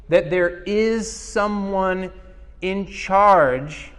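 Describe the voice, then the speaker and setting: A man's voice: on the high side, in a large hall. A man preaching a sermon as pastor, earnest and explanatory, asking the congregation questions.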